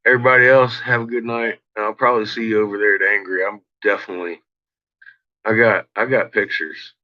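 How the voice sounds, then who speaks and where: Frustrated and cursing, a man rambles slowly at his viewers on a casual livestream he hosts. He speaks in a lowish, level voice, captured in dull lo-fi audio with a little background noise.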